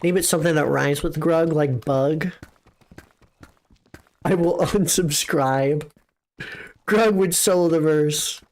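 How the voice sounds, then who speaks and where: A young woman streaming a game live, chatting casually with her viewers, excitable and swearing, often jumping into high squeals. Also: slow, long pauses.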